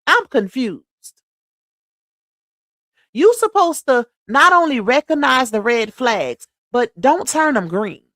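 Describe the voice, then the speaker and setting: A woman's voice: high-pitched, very animated, slow pace, a bit bright, dry recording, studio quality. A woman from Louisiana hosting a casual livestream, talking bluntly and emphatically straight to her viewers. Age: adult mother. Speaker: livestream host.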